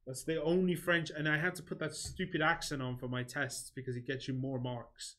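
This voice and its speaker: A man's voice: fairly high pitch, level tone, fairly quick, a bit bright. A man hosting a game livestream, chatting casually and answering viewers between comments on the game. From England.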